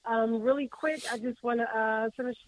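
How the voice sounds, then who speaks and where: A man joining the show, chatting enthusiastically and giving shout-outs. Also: very high voice, steady tone, moderate pace, dry recording. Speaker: co-host judge. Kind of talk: casual chat. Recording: tinny phone-like line.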